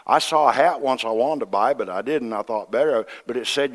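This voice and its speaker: Middle-aged man, associate minister, sermon, folksy storytelling, acts out voices, hushed to loud swings. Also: medium pitch, fairly quick. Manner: acts out dialogue in quoted voices; folksy humor.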